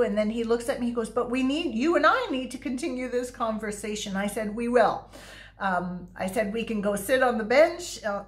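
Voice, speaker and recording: A middle-aged woman from Canada telling a personal story in a casual vlog, quoting people and laughing as she goes. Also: mid-range voice. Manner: animated, laughing, quoting herself and others. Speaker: holistic therapist and vlogger.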